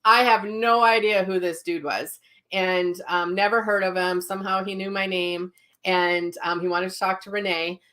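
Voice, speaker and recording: A woman's voice: mid-range voice, fairly even intonation, moderate pace, pushed and bright. Chatty woman hosting a live stream. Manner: chatty storytelling, reads viewer comments aloud. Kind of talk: casual live-stream chat.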